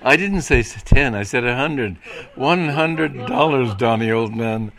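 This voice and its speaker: A man voicing a fawning middle-aged film mogul who coaxes and flatters in a quick, ingratiating way. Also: mid-range voice. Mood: wheedling. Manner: coaxing, fast, ingratiating.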